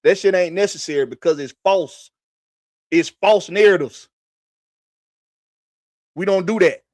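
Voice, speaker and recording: This podcast host's voice sits high, with a darkish tone, a slightly slow delivery and no echo. He discusses sports casually but heatedly, repeating himself emphatically and swearing without restraint.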